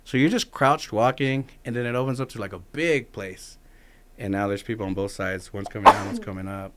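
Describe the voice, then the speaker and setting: A man's voice: on the low side, steady tone, brisk, a bit bright. A young adult man, a military veteran guest on a podcast, telling a loose, profane story in casual chat and acting out what other people said. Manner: loose, profane anecdotes with lots of "like" and acted-out quotes.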